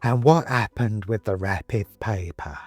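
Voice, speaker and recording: A man voicing a talking skeleton ornament who speaks slowly in a falsely soothing, coaxing way. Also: fairly low pitch, soft background music. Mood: creepy coaxing. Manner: slow, drawn-out, falsely soothing.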